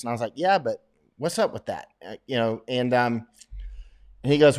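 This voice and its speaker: A man with a drawl hosting a casual livestream chat. His voice sits at a middling pitch, and he rambles and restarts his sentences often, with plenty of "uh" and "you know" as he answers viewers. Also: normal speed. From United States. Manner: rambling, with many fillers and restarts.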